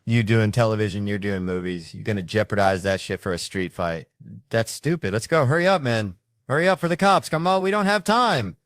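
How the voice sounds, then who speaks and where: A man voicing his frantic male friend who scolds him urgently and rises to shouts. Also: sits low, fairly even intonation, fairly quick, hardly any pauses, smooth, dry recording, clean studio sound, natural voice. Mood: scolding. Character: frantic male friend rushing a pal away.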